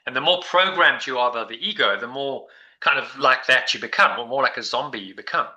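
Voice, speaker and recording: A meditation group leader guides a spiritual discussion, meandering and reflective, frequently restarting his thoughts. His medium-pitched, sharp-toned voice moves fairly quickly through a muffled recording.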